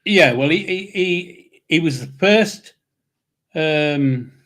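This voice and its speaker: A man's voice: fairly high pitch, expressive, slow pace, a bit bright. An older man with a Yorkshire accent, co-hosting a live chat show in a blunt, unfiltered manner. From Yorkshire, England. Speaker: co-host. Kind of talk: casual chat.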